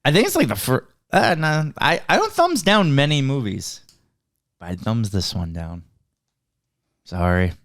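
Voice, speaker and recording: A man's voice: mid-range voice, very animated, measured pace, long pauses, a bit bright. A man co-hosting a podcast, chatting casually and hesitantly about a movie. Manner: hesitant, apologetic, restarts often. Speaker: podcast co-host. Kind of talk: casual chat.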